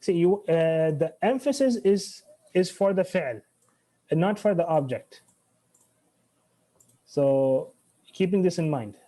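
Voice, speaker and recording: A man's voice: fairly high pitch, animated, a little slow, long pauses, mellow. A man teaching Arabic grammar in an online class, switching between English and Arabic, restarting phrases and quizzing his students.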